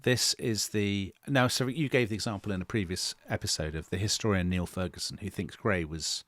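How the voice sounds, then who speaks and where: A middle-aged man with a very low voice co-hosts a history podcast, recounting events with dramatic flair. He slips into the voices of the people he quotes, and the recording is dry and close to the mic. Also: a little fast, a bit bright, no room sound. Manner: dramatic retelling with acted quotes. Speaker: podcast co-host. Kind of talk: animated historical storytelling.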